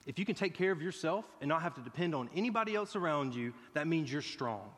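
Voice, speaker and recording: A man preaching a sermon as a guest pastor, earnest and growing excited as he speaks. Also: on the high side, quick pace. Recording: long hall reverb.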